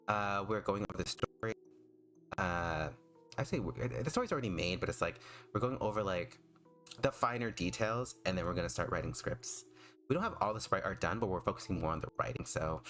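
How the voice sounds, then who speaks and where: A young man streaming as a VTuber, chatting casually while drawing, with vocal fry and a rambling, hesitant way of talking full of fillers and restarts. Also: lowish voice, fairly bright tone.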